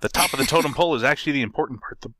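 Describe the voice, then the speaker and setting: A man's voice: mid-range voice, very fast, sharp tone, no room sound. A man co-hosting a casual podcast, rambling and swearing offhandedly as he jokes. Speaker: podcast co-host.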